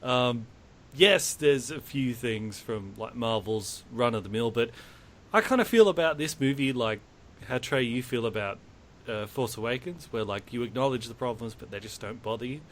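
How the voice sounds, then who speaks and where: A man's voice: mid-range voice, lively intonation, normal speed, slight background noise. Easygoing man chatting about films. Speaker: podcast co-host. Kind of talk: casual film review chat.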